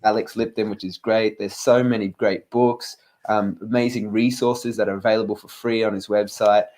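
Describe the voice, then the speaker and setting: A man's voice: on the low side, steady tone, normal speed, a little mellow. A male host speaking earnestly in casual interview chat, with many ums and uhs.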